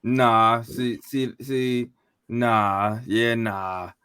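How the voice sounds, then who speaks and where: A man's voice: mid-range voice, steady tone, extremely slow, sharp tone, clear, resonant tone, no room sound, clean studio sound. A man co-hosting a podcast, talking in slangy, emphatic casual chat with some swearing. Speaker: podcast co-host.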